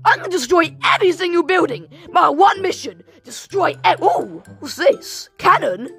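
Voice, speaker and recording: A woman host giving goofy, shouty Let's Play commentary while playing a game. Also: very high-pitched, expressive, moderate pace, vocal fry, soft background music. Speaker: gaming channel host.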